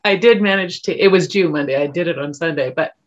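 A woman's voice: fairly low pitch, fast talker, dull audio. A middle-aged woman from Canada, a guest actor telling stories in casual chat. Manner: chatty, storytelling with laughs.

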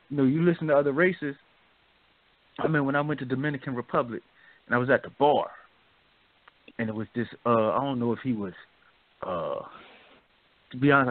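A man's voice: mid-range voice, no echo. A man hosting a radio talk show, chatting loosely and often asking "you feel me?". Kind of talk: casual discussion. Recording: dry, phone-like narrow sound.

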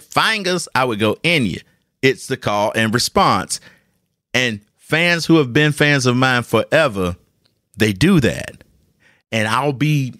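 Telling a joking, casual story on his own podcast, a man chats animatedly with his listeners and doubles up on words as he goes. His medium-pitched voice comes through with clean studio sound and no room echo, even though he's in a hot home room with a ceiling fan.

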